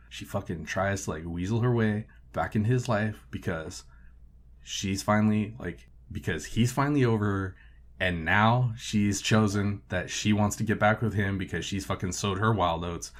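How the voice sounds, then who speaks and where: Male podcast host, low voice, profane and animated, casual film recap. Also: moderate pace.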